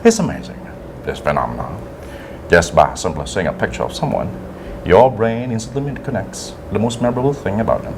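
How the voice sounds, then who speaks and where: A man doing an impression of a famous actor as a deep, slow, measured narrator, on noisy TV studio audio. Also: very animated. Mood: calm. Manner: low measured storytelling delivery.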